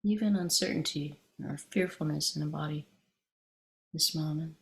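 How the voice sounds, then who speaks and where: A woman teacher gives a dharma talk in a relaxed, meandering way, often circling back and restarting her sentences. Her voice sits low and carries a gravelly fry. She speaks as if telling a story to a room of students. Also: moderate pace. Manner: conversational, meandering, with frequent restarts. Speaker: meditation teacher.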